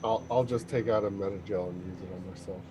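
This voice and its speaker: A man's voice: deep voice, fairly even intonation, fast, highs cut off, noisy background. A man playing a tabletop game, talking in a matter-of-fact way. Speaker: player. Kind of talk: casual tabletop play.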